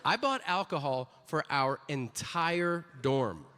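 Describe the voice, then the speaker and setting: A man's voice: fairly high pitch, very animated, takes it slowly, a bit bright, smooth. A man doing a stand-up comedy routine on stage, telling crude, wry stories and acting out quotes. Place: comedy stage before a live audience. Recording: live audience noise.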